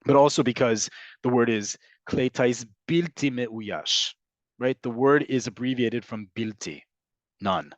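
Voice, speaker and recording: A Hebrew teacher with a medium-pitched voice runs an online class at an unhurried pace, patiently explaining and answering questions. He uses lots of fillers and keeps checking in with "right?" The audio is dull, lo-fi and dry.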